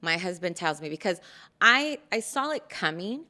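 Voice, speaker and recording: A woman's voice: lowish voice, very animated, moderate pace, sharp tone. A woman guest in a podcast chat, candidly telling a personal story and slipping in Spanish phrases.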